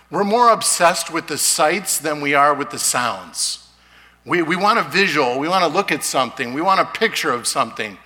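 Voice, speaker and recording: A man preaching a sermon to his congregation in a church, earnest and slowing down to stress key lines. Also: medium pitch, bright, forceful tone. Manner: earnest, slows down for emphasis. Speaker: pastor. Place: church sanctuary. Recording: long reverb of a church hall.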